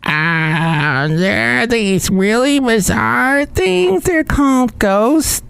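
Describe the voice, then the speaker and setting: A man voicing a young female pagan podcaster with a vocal fry and a gossipy, breathless delivery. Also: very high-pitched, animated, drawn-out words, fairly bright tone, dry recording, voice pushed up, heavily acted.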